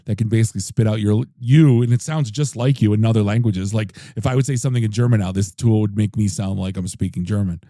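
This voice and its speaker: A man hosting a podcast, telling stories in a rambling, animated way with lots of fillers. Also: on the low side, fast talker, hardly any pauses, dry recording, studio quality. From United States. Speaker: podcast host. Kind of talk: casual chat.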